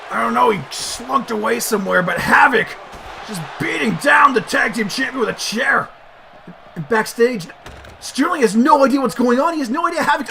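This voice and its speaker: A man doing excited play-by-play commentary over a wrestling video game, bursting into shouted exclamations. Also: very high voice, moderate pace, creaky, slight background noise.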